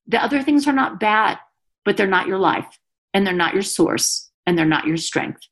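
A woman speaks as a guest on a faith-focused show, her voice sitting in an ordinary middle range. She talks in quick, animated bursts and slips teasing humor in between her earnest points. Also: medium pitch. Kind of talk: faith-based conversation.

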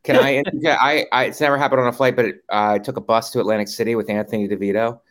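A man hosting a comedy podcast, deadpan and halting, full of uhs and restarts. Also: mid-range voice. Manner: halting, deadpan, many fillers. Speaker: podcast host. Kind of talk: casual comedy podcast banter.

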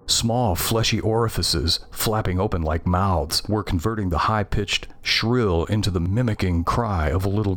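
A man narrating a first-person horror story in a tense, scripted reading. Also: low voice.

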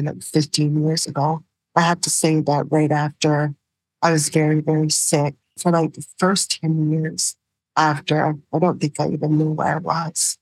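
Low, flat-voiced woman telling her story. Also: no echo, poor audio. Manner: soft-spoken, halting, many fillers. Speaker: guest, survivor sharing her story. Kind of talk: personal storytelling in an interview.

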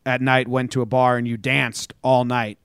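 A man's voice: medium pitch, level tone, moderate pace, fairly bright tone, clean tone, dry recording. A man co-hosting a podcast, telling stories in a rambling, chuckling, casual way. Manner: rambling storyteller, chuckles often. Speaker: podcast co-host. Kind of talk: casual chat.

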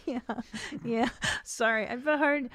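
A woman's voice: a little high, unhurried, a bit bright, dry recording, studio quality. A middle-aged woman co-hosting a casual podcast, speaking bluntly and frankly and laughing often. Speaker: co-host.

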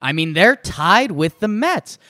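A man co-hosting a casual baseball podcast, talking in an animated, rambling way with lots of restarts. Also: high-pitched, measured pace, dry recording, clean studio sound. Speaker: podcast co-host. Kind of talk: casual sports chat.

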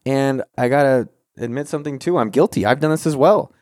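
A man's voice: medium pitch, brisk, darkish tone, dry recording, studio quality. A man hosting an advice podcast, talking casually, joking and swearing as he gives pep talks. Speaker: podcast host.

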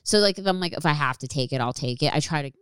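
A woman's voice: low-pitched, animated, very fast, fairly bright tone, smooth, no echo, studio quality. A young woman hosting a podcast, chatting candidly with lots of fillers. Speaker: podcast host. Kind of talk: casual chat.

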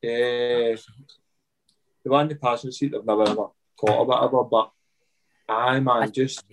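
A man's voice: mid-range voice, moderate pace, slight background noise, low-quality recording. A Scottish man, a former footballer, telling a wild story in casual chat, swearing and acting out what others said. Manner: animated anecdotal, acts out quotes, swears freely.

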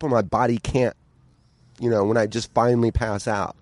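A man's voice: medium pitch, flat delivery, normal speed, darkish tone, no room sound. A man talking as a podcast guest in casual chat, candid and blunt, swearing and acting out quotes.

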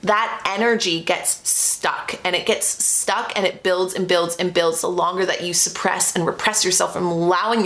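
A woman's voice: medium pitch, bright, forceful tone. A young woman hosting a solo life-advice podcast, talking in a chatty, earnest way with many fillers. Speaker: podcast host.

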